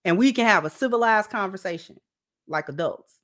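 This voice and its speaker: A woman giving casual relationship advice to camera, talking conversationally, repeating phrases and dropping low and soft for asides. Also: expressive, a little fast. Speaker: relationship vlogger.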